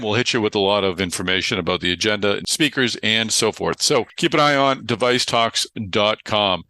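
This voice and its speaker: Male podcast host, casual and chatty, bright voice, dry close sound. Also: mid-range voice, no room sound. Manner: chatty, loose, with frequent fillers.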